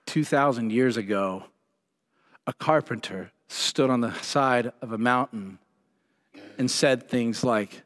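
Pastor preaching in a reverberant church hall. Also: male voice, mid-range voice, takes it slowly. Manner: animated storytelling, voices God and Moses in retellings. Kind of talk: sermon.

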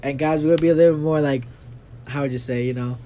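A young man co-hosting a podcast in casual chat, telling stories with lively, loud acted-out quotes. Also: a little high, fairly quick. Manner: animated storyteller, acts out quotes loudly. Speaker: podcast co-host.

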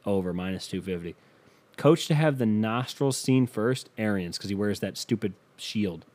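A man with a lowish, slightly mellow voice hosts a casual solo podcast, speaking at a moderate pace with animated delivery. He is offhand and profane while reading betting odds aloud.

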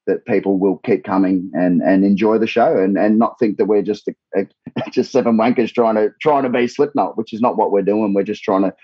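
Husky Australian man, low voice. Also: no echo, lo-fi sound. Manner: swears freely, rambles with many restarts. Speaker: tribute band singer, guest. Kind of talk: casual interview chat.

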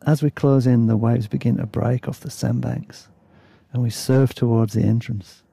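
A man's voice: mid-range voice, fairly even intonation, normal speed, vocal fry, dark tone, slightly rough, no echo, clean studio sound. A man reading his own travel memoir aloud in a laid-back, chatty way, breaking off for asides and self-corrections. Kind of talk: casual story reading.

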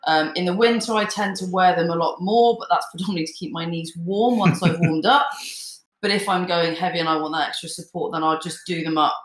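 A woman's voice: lowish voice, fast talker, few pauses. A woman co-hosting a fitness talk, speaking casually and hesitantly with many fillers. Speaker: fitness podcast co-host. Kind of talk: casual chat. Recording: roomy echo.

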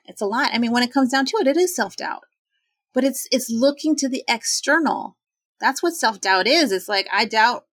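A woman in her forties in casual talk, chatty and animated, acting out quoted voices with sudden jumps in pitch. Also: no echo. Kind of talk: casual talk on self-doubt.

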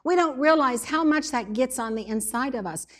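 A woman preaching with lively emphasis and a somewhat high-pitched voice. She drives her points home by repeating words in rhythmic lists. Her delivery is expressive and earnest. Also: normal speed, background noise. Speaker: speaker in a church setting. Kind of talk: sermon.

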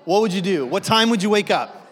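A man preaching in a church, his fairly high voice carrying a long, ringing reverb from the hall. He jokes at his own expense and often stumbles into restarts as he talks to the congregation. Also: expressive, fairly quick, faint music behind. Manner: self-deprecating, joking, frequent restarts. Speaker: guest pastor. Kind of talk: humorous sermon. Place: church sanctuary.

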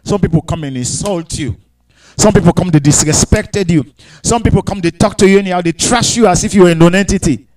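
A man preaching a sermon with call-and-response, moving between quiet reading and shouted cries. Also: high voice, fairly quick, poor audio. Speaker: pastor.

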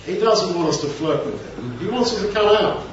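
Male preacher, conversational and rambling, somewhat high voice, recorded from a distance. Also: animated, moderate pace, a little hiss or hum. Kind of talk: informal Bible teaching. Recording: echoey room, distant mic, dull sound.

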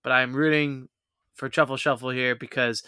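A man's voice: medium pitch, steady tone, moderate pace, bright, forceful tone, clear, resonant tone, no room sound, studio quality. A man co-hosting a fantasy football podcast, ribbing his friends with sarcastic, profane banter. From Irish heritage. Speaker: podcast co-host.

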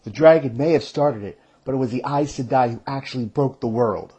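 A man's voice: medium pitch, fairly quick, warm tone, husky, voice pushed up, natural voice. A man reading aloud, voicing an earnest young village man in a raised, insistent voice. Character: earnest young village man, stern about old wrongs.

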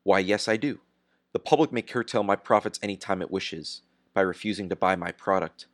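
A man's voice: low voice, dry recording, studio quality, close to an everyday voice. A man voicing a grave, unyielding industrialist. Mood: firm. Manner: grave, measured and firm. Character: defiant steel industrialist on trial, calm and unyielding. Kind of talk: audiobook character reading.

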